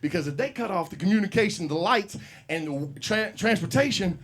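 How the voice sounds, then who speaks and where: A man's voice: high-pitched, animated, a little fast. A man hosting an open mic comedy night, telling a rambling, profane story to the crowd. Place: comedy club. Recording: live room with audience.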